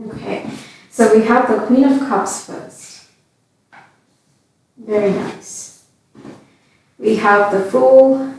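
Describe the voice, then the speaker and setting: A woman giving a tarot card reading in a calm, unhurried way, with gentle fillers. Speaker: tarot reader. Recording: very echoey room, mic at a distance, faint rumble.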